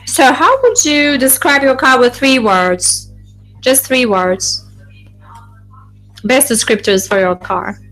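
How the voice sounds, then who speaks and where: A woman interpreting a focus group live, in a halting delivery full of restarts and self-corrections. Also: high voice, expressive, fairly bright tone, faint music behind, low-quality recording.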